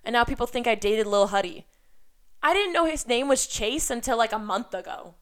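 Defiant young woman, smooth clear voice. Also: a little high, animated, normal speed, a bit bright. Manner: blunt, defiant, swears a lot. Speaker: vlogger. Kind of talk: unscripted vlog rant.

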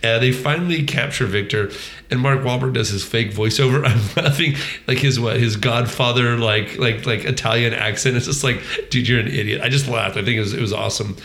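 A man's voice: mid-range voice, brisk, a bit bright, reverberant. A man co-hosting a casual movie review podcast, rambling with frequent ums, restarts and swearing. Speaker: podcast co-host.

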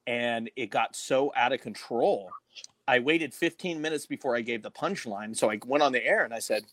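A man, a former morning radio host, telling a story as a podcast guest in a casual, animated way, swearing freely. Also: moderate pace, dry recording. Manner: animated, swears freely, big swings in pitch and loudness.

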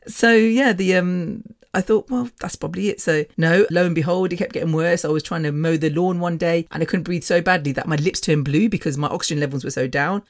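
A woman hosting her own podcast, chatting casually, laughing often and wandering off on tangents. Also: deep voice. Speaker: podcast host. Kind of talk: casual rambling monologue.

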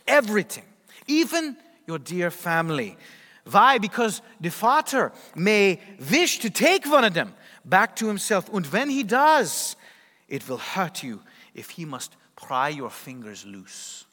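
A man voicing an elderly Dutch woman with a Dutch accent, speaking with slow, earnest firmness. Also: high-pitched, sing-song, sharp tone, long reverb tail, exaggerated voice. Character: elderly Dutch woman, gentle but firm.

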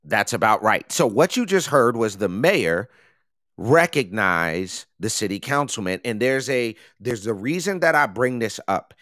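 A man's voice: fairly low pitch, lively intonation, unhurried, fairly bright tone, no echo, clean studio sound. A man co-hosting a political talk show, explaining meeting rules in an emphatic, lecturing way. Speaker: co-host. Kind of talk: political commentary chat.

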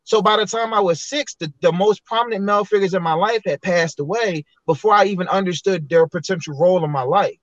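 A man's voice: high-pitched, fairly quick, few pauses, a bit bright, no room sound, lo-fi sound. A man speaking as a podcast guest, earnest and reflective, with frequent restarts. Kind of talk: candid personal storytelling.

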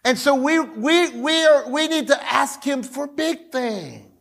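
A fiery male pastor preaching a sermon, his voice pitched very high. He shouts his points and calls on the congregation to answer back. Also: animated, slow, gravelly. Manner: fiery, calls for audience response, often shouts.

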